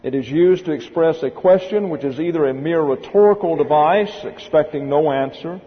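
A man's voice: a little high, normal speed. Man lecturing methodically in a reverberant hall. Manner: methodical, spells words out letter by letter. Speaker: Bible teacher. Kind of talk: classroom lecture on Greek grammar. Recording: dull lo-fi recording with long hall reverb.

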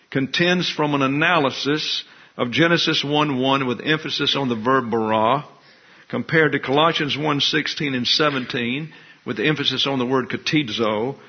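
A man's voice: mid-range voice, husky, dull audio. An older man preaching a sermon, folksy and teasing, with asides to the congregation. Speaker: pastor.

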